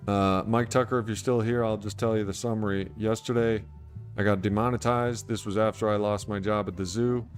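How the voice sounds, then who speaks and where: Answering comments in a casual, meandering livestream chat about sobriety, a man speaks a little fast in a lowish, steady-toned voice. Faint music plays behind him while he keeps his easygoing manner.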